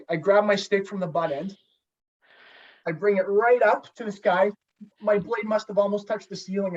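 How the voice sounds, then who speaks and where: A man, a former hockey goalie, telling a story in a casual, animated way and swearing freely. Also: high voice. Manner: animated, profane, acts out dialogue. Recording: slightly distant, dull lo-fi sound.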